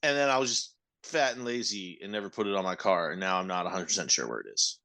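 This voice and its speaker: A man co-hosting a podcast in casual chat, joking and riffing quickly. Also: sits low, sharp tone. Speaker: podcast co-host.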